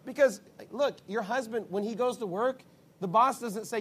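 Animated man preaching to wives. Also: very high-pitched, moderate pace, a little hiss or hum. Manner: animated, acts out quoted voices. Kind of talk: sermon-style advice talk.

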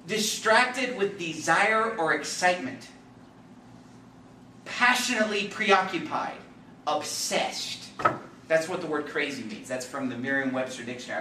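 A middle-aged man preaching a sermon as pastor, emphatic and excitable, his voice rising into shouts. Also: high-pitched. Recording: echoey hall from far off, faint noise.

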